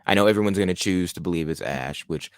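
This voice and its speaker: A low-voiced podcast co-host speaks fast, his tone clean in a studio-quality recording with no room sound. He rambles casually and eagerly about a horror film, often restarting his sentences.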